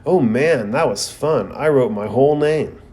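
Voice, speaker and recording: A man's voice: medium pitch, unhurried, dark tone, lightly acted. A man voicing a brash teenage boy ninja from a cartoon with a boastful read.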